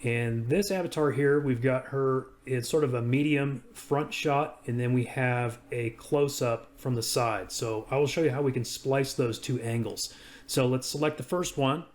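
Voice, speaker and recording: Casual man narrating a software demo. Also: medium pitch, a little slow. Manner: casual, talks through each click. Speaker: software reviewer. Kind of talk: screen-recorded software walkthrough.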